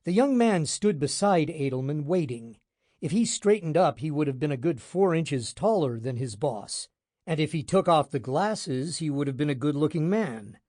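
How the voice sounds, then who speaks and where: A man narrating a hard-boiled detective audiobook in the first person, wry and deadpan. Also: a little high, normal speed, no echo, clean studio sound.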